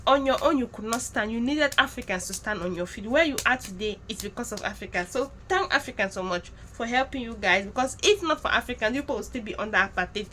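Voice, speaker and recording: A woman's voice: a little high, expressive, fast, hardly any pauses, pushed and bright, a little hiss or hum. A woman vlogger talking straight to her viewers, direct and scolding. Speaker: YouTube commentator. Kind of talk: vlog commentary to viewers.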